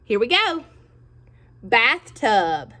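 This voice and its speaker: A woman teacher giving a phonics lesson to young children, slow and encouraging, pausing for them to repeat words. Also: a little high, sing-song, bright, forceful tone. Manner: slow, encouraging, with pauses for pupils to echo.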